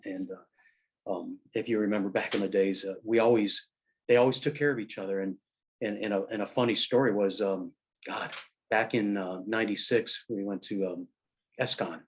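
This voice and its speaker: Low-voiced middle-aged man telling war stories. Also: steady tone. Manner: halting, full of fillers and restarts; rambling anecdotal storyteller. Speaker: military veteran guest. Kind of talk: casual conversation.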